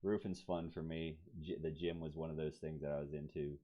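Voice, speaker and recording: This guest's voice is extremely low, and he talks fairly quickly. On a podcast recorded in dull lo-fi sound, he tells a story with plenty of swearing, lively energy and acted-out impressions of those he quotes.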